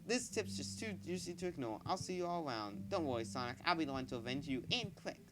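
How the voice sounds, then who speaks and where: A man's voice: a little high, very animated, fast, over music. A man voicing a peppy, confident young female hedgehog heroine in a video game, perky and sassy.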